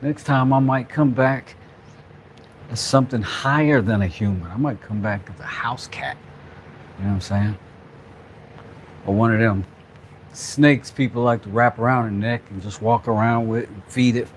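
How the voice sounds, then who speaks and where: Here a father and craft channel host rambles through his casual workshop vlog, working away and adding playful, jokey asides. His mid-range voice moves at a normal speed but pauses often, over slight background noise.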